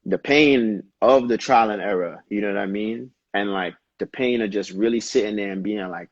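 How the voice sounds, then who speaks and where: A young man from Brooklyn, a dancer, talking casually in an interview and telling animated, slangy stories in quick bursts. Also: fairly low pitch, no room sound, highs cut off. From Brooklyn, New York. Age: young adult. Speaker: dancer, guest.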